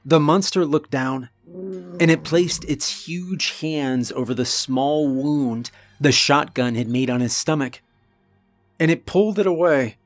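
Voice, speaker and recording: A man narrating a first-person horror story in a deliberate, earnest manner with dramatic pauses. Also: a little high, faint music behind.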